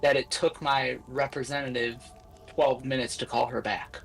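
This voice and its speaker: A man's voice: mid-range voice, flat delivery, moderate pace, creaky, crowd noise, rough recording. A man telling a story in casual chat, with a dry, matter-of-fact delivery.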